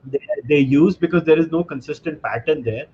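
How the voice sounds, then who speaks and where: A man appearing as a podcast guest, explaining his view in a measured way. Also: on the high side, a little mellow. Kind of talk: opinionated commentary. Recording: dull lo-fi call audio with faint hiss.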